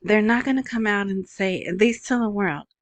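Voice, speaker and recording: A woman's voice: mid-range voice, normal speed, no echo. A middle-aged woman hosting her own podcast, rambling casually with lots of fillers and asides. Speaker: podcast host. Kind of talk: casual solo podcast monologue.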